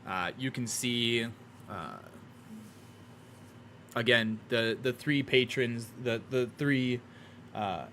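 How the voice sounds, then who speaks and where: A man narrating a tabletop game as game master in a relaxed way, with many fillers and restarts. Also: mid-range voice, takes it slowly, pauses often, slight background noise.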